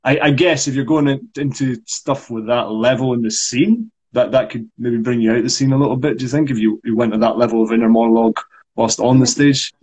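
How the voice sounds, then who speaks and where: Husky-voiced Scottish man, chatty co-host. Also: mid-range voice, steady tone, brisk, a little mellow. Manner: chatty, frequent fillers and repeated yeahs. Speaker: acting coach co-host. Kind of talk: casual live discussion.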